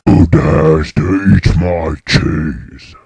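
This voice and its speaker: A huge, menacing one-eyed cyclops for an amateur comedy film. He booms out slow threats in a very deep, gravelly rumble. The voice is thin and rough, with no clean ring to it. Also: fairly even intonation, warm tone, exaggerated voice.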